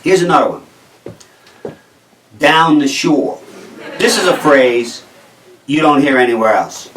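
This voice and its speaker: A man's voice: medium pitch, very animated, moderate pace, a bit bright, reverberant, distant mic, a little hiss or hum, poor audio. Wry man with a Jersey accent. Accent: New Jersey. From New Jersey. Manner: wry, incredulous, laughing at his own jokes. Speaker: stand-up comedian. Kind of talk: stand-up routine.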